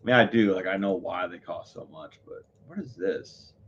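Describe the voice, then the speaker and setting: A man on a live stream, rambling through his thoughts with plenty of fillers and self-corrections. His voice sits on the low side, and the sound is a bit muffled and lo-fi. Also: moderate pace, fairly bright tone, a little hiss or hum. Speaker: livestreamer. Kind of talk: casual live-stream chat.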